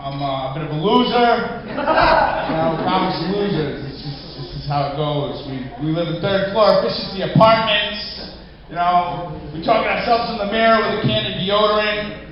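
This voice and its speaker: A man doing stand-up comedy, crude and self-deprecating, often laughing at his own jokes. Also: high-pitched. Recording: roomy, dull live club sound with crowd.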